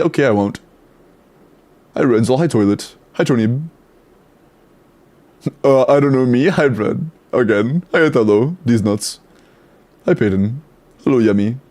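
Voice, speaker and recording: A young man streaming live, casually chatting and greeting viewers in quick succession, swearing now and then. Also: medium pitch, a little mellow. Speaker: streamer reviewing game accounts.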